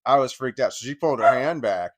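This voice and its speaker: A man's voice: mid-range voice, expressive, fast talker, very noisy. A man telling a painful personal story in a rambling, emotional way, swearing and using lots of fillers. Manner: rambling, emotional, profane retelling with many fillers. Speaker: channel host sharing personal history.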